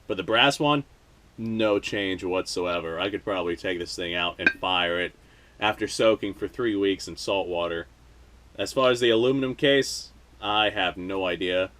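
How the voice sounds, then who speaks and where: Rambling casual man, slightly low voice. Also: fairly bright tone. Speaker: video host. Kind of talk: casual vlog commentary.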